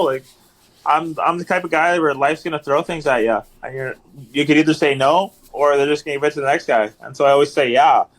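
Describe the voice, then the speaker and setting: A man guest on a podcast, telling casual stories in a rambling way, full of ums and repeated phrases. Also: a little high. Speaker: podcast guest, hockey enforcer. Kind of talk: casual storytelling chat.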